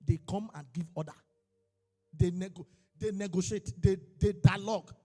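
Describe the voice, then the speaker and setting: A man preaching a sermon as a pastor, moving from quiet storytelling into shouted, chanted exhortation. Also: high-pitched, moderate pace. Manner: preaching with rising shouts and chanted, sung phrasing. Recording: long hall reverb with faint music.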